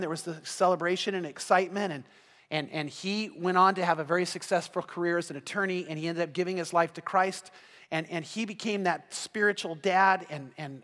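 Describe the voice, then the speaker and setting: High-voiced pastor preaching in an echoing hall. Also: male voice, pushed and bright. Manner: storytelling, earnest, repeats words when starting sentences. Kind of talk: sermon. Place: church hall. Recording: long hall reverb.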